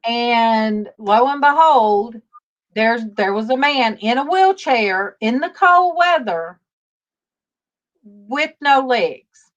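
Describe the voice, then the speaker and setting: A woman hosting a casual faith-based livestream, telling stories slowly with many fillers over a video call. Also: on the high side, animated. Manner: rambling, warm storytelling with many fillers. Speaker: livestream host. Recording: dull lo-fi stream audio.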